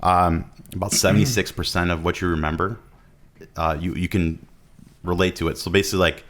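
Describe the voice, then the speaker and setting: A man's voice: deep voice, steady tone, fairly quick, a bit bright. A man talking as a podcast guest, explaining at length in a loose, rambling way full of fillers. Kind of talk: casual podcast chat.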